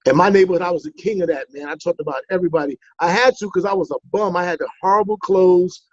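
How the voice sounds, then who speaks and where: Animated New comedian, high voice. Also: male voice, fast talker, dry recording, lo-fi sound. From the Bronx, New York. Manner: animated storyteller, playful teasing. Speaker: comedian guest. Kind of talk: casual interview chat.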